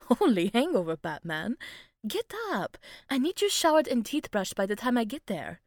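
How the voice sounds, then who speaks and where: A woman's voice: a little high, sing-song, normal speed, no room sound, studio quality. A woman voicing a bossy, chipper young woman friend who teases in an upbeat way. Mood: bossy teasing. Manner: teasing and upbeat.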